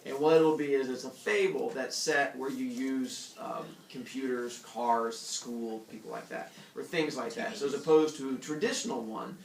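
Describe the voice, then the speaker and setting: A man's voice: mid-range voice, normal speed, gravelly, few pauses, slight background noise. A young male teacher lecturing a class, joking and acting out characters in silly voices. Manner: jokey, acts out animal characters in funny voices. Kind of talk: classroom lecture with playful storytelling. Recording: echoey classroom from far off.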